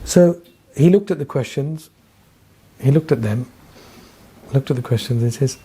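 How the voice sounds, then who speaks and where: Man, religious teacher, storytelling lecture, mellow tone, husky. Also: mid-range voice, a little slow, pauses often. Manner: animated storyteller, acts out dialogue, laughs often.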